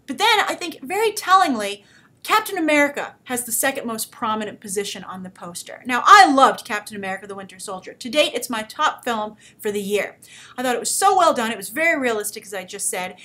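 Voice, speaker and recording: A woman's voice: sits high, bright, forceful tone. A woman hosting a movie news show, giving chatty, enthusiastic fan opinions. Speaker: host.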